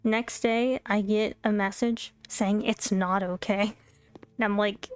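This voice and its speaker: A young adult woman streamer telling a story in casual chat, animated and chatty, laughing often and bursting into exasperated disbelief. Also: mid-range voice, slow pace, clear, resonant tone, no echo, faint music behind. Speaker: VTuber streamer. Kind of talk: casual storytime chat while playing a game.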